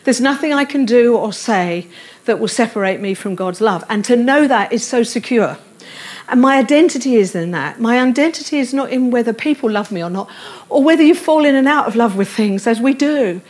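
A woman's voice: on the high side, lively intonation, brisk, a little mellow. A middle-aged woman preaching a sermon in a church, earnest, with repeated affirmations and light self-deprecating humor. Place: church service room.

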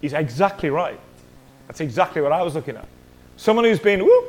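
High-voiced chatty preacher man. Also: very animated, brisk, a little hiss or hum, low-quality recording. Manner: chatty storytelling, jokey with the congregation. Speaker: pastor. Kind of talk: sermon. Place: church hall.

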